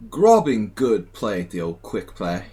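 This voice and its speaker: A man's voice: on the low side, huge pitch swings, slow pace, warm tone, exaggerated voice. A man doing a jokey, exaggerated put-on British bloke voice. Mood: hammy. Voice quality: exaggerated, hammy put-on accent. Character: jokey mock British bloke, cheery and hammy.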